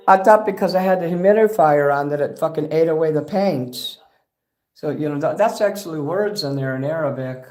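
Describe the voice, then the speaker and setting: A man's voice: fairly high pitch, moderate pace, a little mellow. Rambling profane man. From Chicago. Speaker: livestream host. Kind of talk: casual livestream chat.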